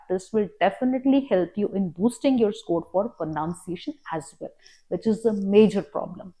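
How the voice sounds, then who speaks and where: An Indian English woman coaching students for a speaking exam. Her voice is warm and mellow, and her tone is earnest and explanatory. She sets out her tips one by one in an instructional talk. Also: medium pitch.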